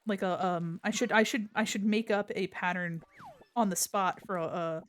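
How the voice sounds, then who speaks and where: A woman's voice: mid-range voice, fairly even intonation, normal speed. A woman hosting a stream who chats casually and rambles, distracted while she beads small crafts. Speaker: streamer host.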